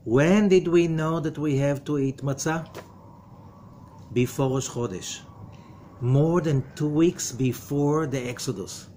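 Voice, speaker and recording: Male rabbi-teacher, a touch high-pitched, emphatic lecturer who questions the room and hushes for warnings. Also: takes it slowly, a little hiss or hum. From from outside America. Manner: emphatic, full of rhetorical questions; drops to a low, quiet voice for warnings. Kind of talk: lecture to a study group.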